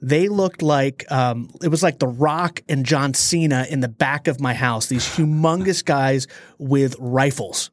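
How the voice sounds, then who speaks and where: A man co-hosting a podcast, telling a story in a lively, dramatic way. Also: mid-range voice, no echo. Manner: animated storyteller, dramatic pauses. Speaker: podcast co-host. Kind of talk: casual storytelling chat.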